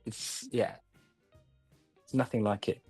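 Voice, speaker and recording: A man's voice: fairly low pitch, steady tone, a little mellow, breathy edge, faint music behind. Thoughtful male actor from London. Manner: thoughtful, with frequent pauses and restarts. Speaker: actor and acting coach. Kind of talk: reflective interview answers.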